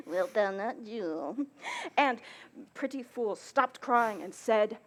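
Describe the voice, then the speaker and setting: A woman's voice: a little high, extremely slow. A woman playing a garrulous, bawdy old nurse who rambles and laughs, acting Shakespeare on an outdoor stage. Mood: chattering. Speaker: stage actor.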